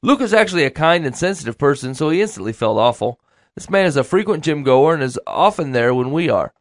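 A man's voice: on the high side, lively intonation, fast, dry recording, studio quality. A man co-hosting a casual podcast, reading listener advice letters aloud and chatting.

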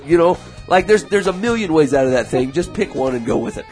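A man's voice: a little high, brisk, hardly any pauses, soft background music. A man co-hosting a casual podcast, reading listener letters aloud and laughing often as he talks. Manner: laughing often, animated delivery.

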